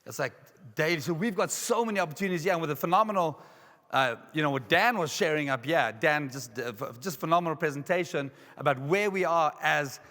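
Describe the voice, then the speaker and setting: A man from South Africa with a South African accent, giving an energetic, jokey motivational talk at a conference. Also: on the high side, fairly quick. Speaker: keynote speaker. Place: large resort conference hall. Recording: reverberant hall.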